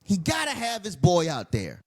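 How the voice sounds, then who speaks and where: A man ranting in a wrestling commentary video, heated and full of swearing. He rambles and repeats himself. His voice sits high and swings up and down a lot. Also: huge pitch swings, normal speed. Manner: heated, profane, rambling and repetitive.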